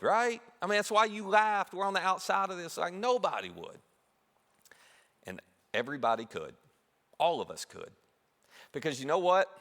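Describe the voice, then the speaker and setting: Man, pastor, sermon, bright forceful voice, lively pitch, echoing church hall. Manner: animated storytelling, acts out voices of siblings. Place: church auditorium.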